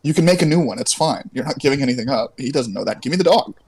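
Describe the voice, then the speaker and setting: A man's voice: mid-range voice, animated, quick pace, darkish tone, breathy edge. A man as a player in a tabletop game, talking casually and joking.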